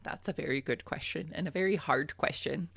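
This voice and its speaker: Low gravelly woman. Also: fairly quick, no room sound. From Canada. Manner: animated, laughs often, many fillers. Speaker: podcast guest. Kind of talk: casual storytelling chat.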